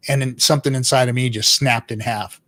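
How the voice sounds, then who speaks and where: A man who is a father hosts a casual livestream, reading chat and answering in a rambling, profane way. He laughs often and sometimes drops to low mutters. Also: fairly even intonation, fairly quick, a bit bright. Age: adult father.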